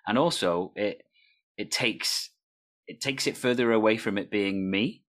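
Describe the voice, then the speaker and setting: A man's voice: on the low side, unhurried, fairly bright tone. A man who works as a teacher and improviser, talking casually and fluently in an anecdotal, storytelling way. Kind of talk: casual chat.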